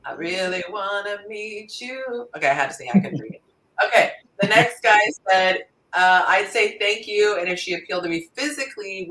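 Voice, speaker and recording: Bright-toned woman host, lively casual chat, roomy echo, off-mic. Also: fairly low pitch, distant mic. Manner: animated, laughs often, reads listener answers aloud.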